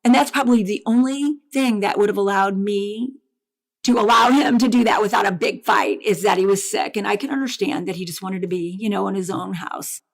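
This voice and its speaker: A middle-aged woman telling a painful personal story in a podcast interview, halting and emotional, with restarts and repetition. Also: medium pitch, gravelly. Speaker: bereaved mother guest.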